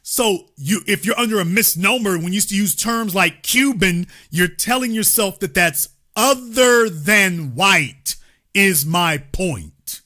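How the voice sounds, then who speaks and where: A man's voice: high voice, slow pace, pushed and bright. A man hosting a political commentary show, lecturing his audience emphatically and repeating his key points.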